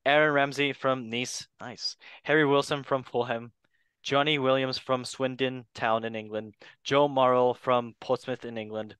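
A man's voice: medium pitch, fairly even intonation, normal speed, fairly bright tone, clean tone, dry recording. A man hosting a casual panel chat, joking and laughing often as he reads out a list. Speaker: host.

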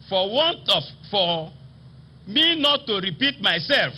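A man with a Nigerian accent, a state assembly speaker, delivering a formal ceremonial speech in a slow, emphatic, oratorical manner. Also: high voice, sharp tone, slight background noise. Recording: slightly dull broadcast audio with faint ambience.

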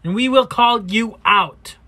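A man's voice: high-pitched, unhurried, bright, forceful tone. A man hosting a reaction video, ranting and trash-talking in a crude, taunting way. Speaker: reaction host. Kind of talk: profane reaction rant.

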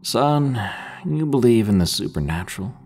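A man voicing an old country grandfather with a Southern accent, speaking slowly in a serious tone. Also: medium pitch, animated, a little mellow, faint music behind, voice pushed up, natural voice. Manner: slow, serious tone.

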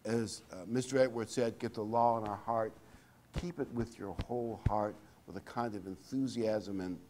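A man preaching a sermon in a relaxed, conversational way, reading scripture aloud between his own remarks. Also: medium pitch. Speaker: pastor.

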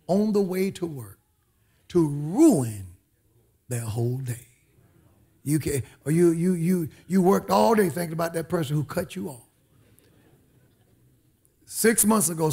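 Husky, slow-preaching bishop, a man. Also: a little high. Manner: emphatic preaching with repeated phrases and call-outs of amen. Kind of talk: sermon.

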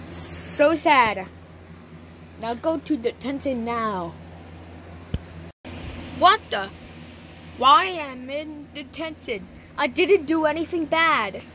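A computer voice of a woman doing a stern cartoon authority woman who scolds in stiff, repetitive bursts. The voice sits high and the delivery is slow and unhurried. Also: a bit bright, a little hiss or hum. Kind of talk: text-to-speech cartoon voices.

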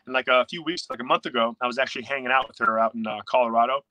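A young man talking as a coach in a casual interview, animated, often acting out quoted inner voices. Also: medium pitch, rapid-fire, no echo, muffled recording.

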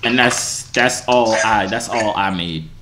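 A man's voice: on the low side, a little slow, noisy background. A young man hosting his video channel, joking and teasing strangers in a casual video chat. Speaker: YouTuber host.

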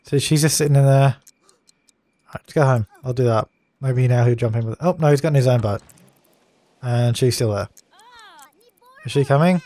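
A man's voice: medium pitch, moderate pace, pauses often, mellow, no echo. A young man casually commenting on a life-sim game while he plays, chatty and easily exasperated, laughing at its mishaps. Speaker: let's play gamer.

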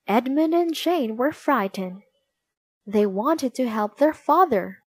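A woman reading a children's storybook aloud in a slow, expressive way. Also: high voice, no echo. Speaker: narrator.

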